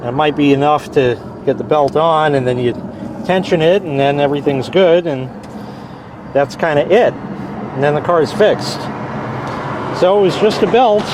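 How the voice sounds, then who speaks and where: A man with a rather high voice talks casually and wryly, rambling with the odd mild curse. He is outdoors next to a parked car, filming himself. Faint outdoor hum sits behind him. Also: normal speed, pauses often. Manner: rambling, wry, swears lightly. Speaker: car owner vlogging a repair. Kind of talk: casual vlog.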